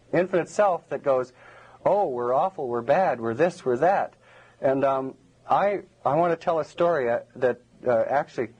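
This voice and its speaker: Husky-voiced male lecturer, rambling. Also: mid-range voice, a little mellow, poor audio. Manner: rambling and digressive, many restarts. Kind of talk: public lecture to a live audience.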